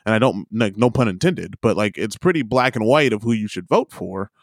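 A man in casual political chat, animated and incredulous, using many "like" fillers. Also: fairly low pitch, a little fast, no echo, clean studio sound.

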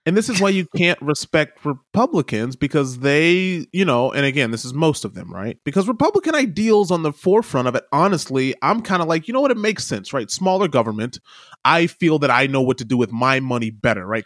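Man, podcast co-host, argumentative, rhetorical, mid-pitched voice, dry close recording. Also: sing-song, a little fast, fairly bright tone, no room sound. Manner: argumentative, asks rhetorical questions. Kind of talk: casual political chat.

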